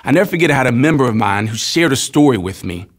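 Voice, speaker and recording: A man's voice: medium pitch, animated, fast talker. A man in his thirties speaking as a company spokesman, telling personal stories in an earnest, conversational way for a promotional video. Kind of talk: promotional testimonial talk.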